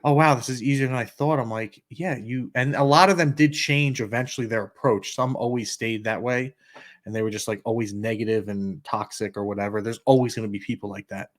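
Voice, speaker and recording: A man's voice: lowish voice, fairly even intonation, brisk. Blunt middle-aged man, podcast co-host. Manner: blunt, storytelling with acted quotes. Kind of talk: casual podcast conversation.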